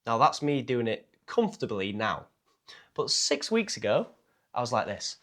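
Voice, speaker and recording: A man's voice: mid-range voice, big pitch swings, moderate pace, fairly bright tone. A man, a speaking coach, talking straight to camera in a blunt, self-mocking way and swearing casually. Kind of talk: casual direct-to-camera talk.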